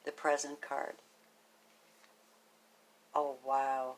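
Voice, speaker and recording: A woman giving a casual spoken tarot reading, chatty and affectionate, thinking aloud as she goes and now and then dropping into a soft, half-whispered aside. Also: very deep voice, monotone, drawn-out words, very noisy. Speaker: tarot card reader.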